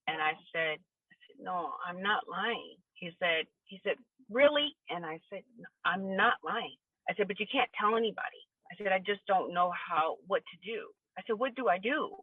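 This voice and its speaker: A woman joins a podcast as a guest and earnestly tells her personal story, acting out the lines the people in it spoke. Her voice comes through a tinny phone line, dry and close with no room sound. Her pitch sits in a middle range. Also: moderate pace, slightly rough, no echo. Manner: earnest, retelling scenes with quoted dialogue. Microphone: phone call.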